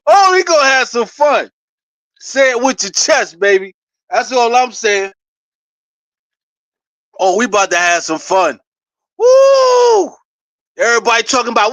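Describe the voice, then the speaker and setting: A man talks basketball straight to his viewers in a hyped, animated way. The recording is dry and close, with no room sound. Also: very high voice, no room sound. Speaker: sports commentator vlogger. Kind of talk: excited casual basketball talk to viewers.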